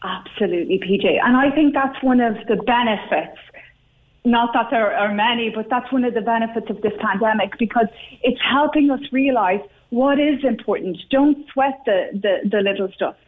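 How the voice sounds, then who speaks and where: A woman speaking as a guest expert, upbeat and advising. Her voice is fairly high and comes through a thin, tinny phone line. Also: normal speed, slight background noise. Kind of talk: advice interview.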